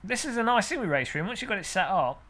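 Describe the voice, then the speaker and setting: Talking fast in a high, sing-song, slightly bright voice, the streamer jokes around during his sim race. He reads chat aloud and names viewers as he goes.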